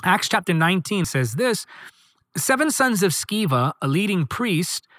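A male preacher delivers a sermon with a lively, swooping pitch that rises high on key words, pressing his points through rhythmic repetition. He reads scripture aloud between points. The sound is dry and close, with no room around it. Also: measured pace, dry recording.

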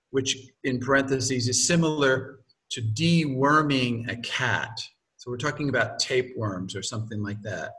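A man's voice: medium pitch, moderate pace, fairly bright tone. A man reading aloud from his own book, stopping often for loose, joking asides and homely examples. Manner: digressive, stops to explain with homely examples and jokes. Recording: voice from a distance from the mic.

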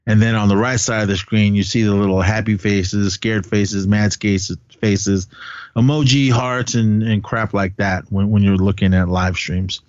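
A man's voice: fairly low pitch, fairly even intonation, moderate pace, darkish tone, no room sound. A man co-hosting a podcast from home, talking films in a rambling, self-correcting casual chat. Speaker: podcast co-host reviewing films. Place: at home with a child nearby. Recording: dull lo-fi dry recording.

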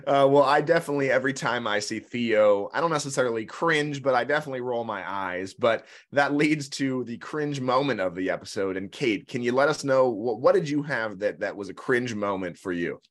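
Man, podcast co-host, casual chat, blunt, excitable, laughs a lot. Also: medium pitch, brisk, hardly any pauses.

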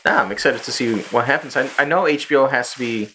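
A man's voice: medium pitch, fast talker, fairly bright tone, a little hiss or hum. A man hosting a podcast in casual chat, loosely retelling a show's plot with plenty of swearing. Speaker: podcast host.

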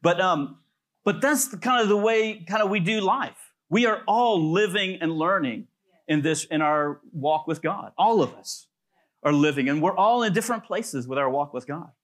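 A pastor preaching a sermon in a loose, conversational way, telling stories with plenty of fillers. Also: male voice, high-pitched, moderate pace, a bit bright. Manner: conversational storytelling with many fillers.

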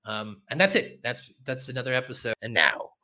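A man hosting a podcast, recapping a cartoon episode in animated, laughing storytelling. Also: medium pitch, fairly quick. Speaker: podcast host.

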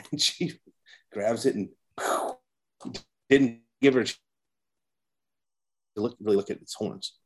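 A man's voice: on the low side, measured pace, pauses often, darkish tone. Rambling man telling hunting stories. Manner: rambling storyteller with many restarts. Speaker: podcast guest. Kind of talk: casual chat.

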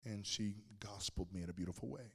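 Pastor predigt in hallendem Saal. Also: male voice, fairly low pitch, fast, husky. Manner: lively, humorous storytelling addressing the congregation. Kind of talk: sermon storytelling. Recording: long reverb of a large hall.

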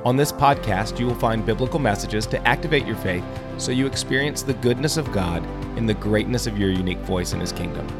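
A man's voice: fairly low pitch, brisk. A man, a pastor, reading a welcoming scripted podcast introduction. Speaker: podcast host and lead pastor. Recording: intro read over clear music.

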